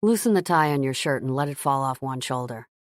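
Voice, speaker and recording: A man's voice: mid-range voice, lively intonation, a little fast, no room sound, clean studio sound, voice pushed down, natural voice. A woman voicing a cocky male rock star who teases and gives orders. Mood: coaxing. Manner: teasing, commanding.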